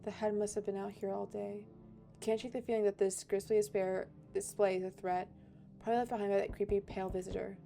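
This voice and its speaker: A woman streamer playing through a game, reacting offhandedly and reading its text aloud. Her voice is dark and mellow, with gravelly fry at the ends of phrases. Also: mid-range voice, little pitch movement, a little fast, soft background music. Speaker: gaming streamer. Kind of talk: game playthrough commentary.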